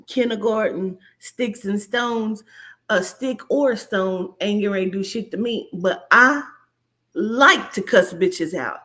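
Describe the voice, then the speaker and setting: A woman's voice: on the high side, a bit bright. A woman, delivering brash, profane, mocking reaction commentary as a host. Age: 40s.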